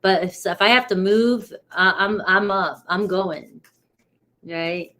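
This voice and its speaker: A middle-aged woman from New England talks casually on her live tarot stream. She rambles easily and calls out viewers by name. Her pitch sits in the middle range. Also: slow, pushed and bright. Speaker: tarot reader.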